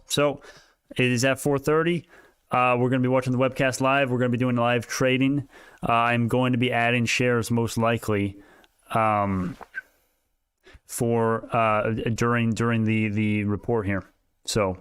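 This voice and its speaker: A man hosting a live stock market stream, talking excitedly, laughing often and restarting his sentences, a little out of breath. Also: mid-range voice, moderate pace, smooth, dry recording, studio quality. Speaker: stock market livestream host. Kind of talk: casual livestream talk.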